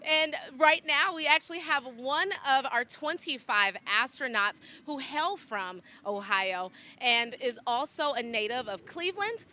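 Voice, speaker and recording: A woman's voice: high-pitched, lively intonation, measured pace, few pauses, pushed and bright. A woman hosting a broadcast, presenting in an upbeat, polished way. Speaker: broadcast host.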